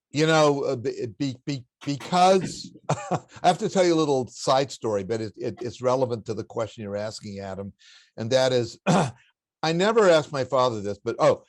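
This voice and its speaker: A man's voice: medium pitch, animated, no echo. Dry-voiced older man telling stories. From Los Angeles, USA. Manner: anecdotal, halting, many restarts. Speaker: interview guest. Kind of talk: reflective storytelling.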